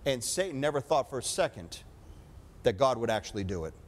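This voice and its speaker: A man's voice: medium pitch, lively intonation, fairly quick. A man preaching a sermon with emphatic delivery, often calling for an amen.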